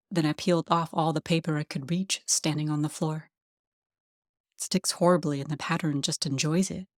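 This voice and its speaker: An audiobook reader giving a calm, gentle, unhurried narration of a classic story. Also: mid-range voice, dry recording, studio quality.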